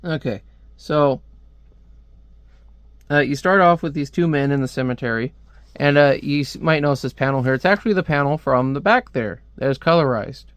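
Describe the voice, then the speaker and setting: Rambling male comic reviewer, crisp dry voice. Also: fairly high pitch, moderate pace, no room sound, muffled recording. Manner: rambling, lots of "like" and restarts. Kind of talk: casual video review.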